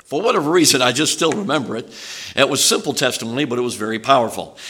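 A traveling preacher from Chicago, USA, with a Chicago accent opens a sermon to a congregation in a folksy, chatty way, peppered with "uh"s and "okay"s. His medium-pitched voice is husky and sharp, quick-paced, with lively intonation.

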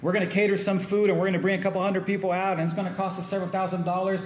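A middle-aged male pastor with a slightly raised voice, preaching in a relaxed, conversational way and pausing to ask the congregation for an amen. The sound is roomy and echoey, with a faint hum of ambience behind him. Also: sits high. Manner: conversational preaching, call-and-response asides. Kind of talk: sermon.

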